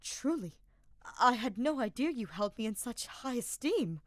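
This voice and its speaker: A woman's voice: fairly high pitch, big pitch swings, unhurried, dry recording, studio quality, pitched above the performer's own voice. A woman voicing an earnest, grandiose young male knight who speaks in a courtly way in a read-aloud story.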